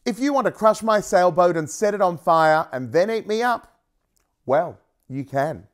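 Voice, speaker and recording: A man voicing a young boy who talks gently and reasonably to a dragon in a picture book. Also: high-pitched, lively intonation, measured pace. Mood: gentle persuasive. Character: young boy, calm and wise.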